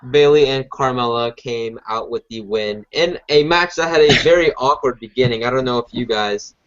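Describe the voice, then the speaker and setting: A man hosting a podcast, reviewing a show in relaxed, casual chat full of fillers. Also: medium pitch, normal speed. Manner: relaxed, chatty, many fillers. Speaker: podcast host. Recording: dull lo-fi recording.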